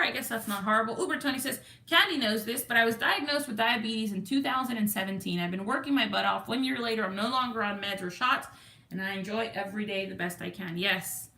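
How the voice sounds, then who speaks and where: A woman's voice: mid-range voice, sharp tone, reverberant. A woman from Texas with a Texan accent, hosting a casual lottery scratch-off livestream and reading viewer comments aloud. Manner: chatty, reads viewer comments aloud and counts numbers.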